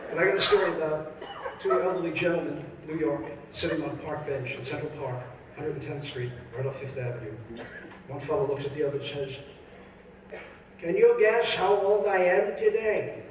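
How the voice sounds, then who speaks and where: A man's voice: on the high side, steady tone, quick pace, noisy background. Male comedian telling jokes in an echoey hall. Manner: chatty, punchline-driven joke telling. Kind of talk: stand-up storytelling and joke telling. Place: large auditorium stage. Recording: echoey hall miked from far off.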